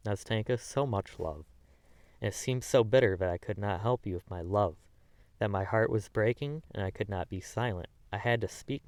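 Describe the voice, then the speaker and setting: Low-voiced man reading a classic novel. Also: a little mellow, no echo. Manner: earnest, emotive, with small stumbles and restarts. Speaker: audiobook narrator.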